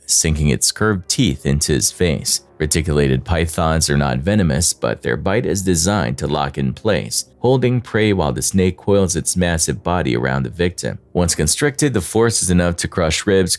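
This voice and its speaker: A man giving scripted narration over video clips, with dry, sarcastic asides. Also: low-pitched.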